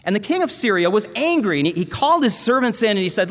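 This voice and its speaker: A seminary professor with a rather high voice for a man preaches a sermon, retelling a Bible story with dramatic storytelling flair. He's very animated, fast, and a bit bright, barely pausing, while the church adds long, ringing reverb.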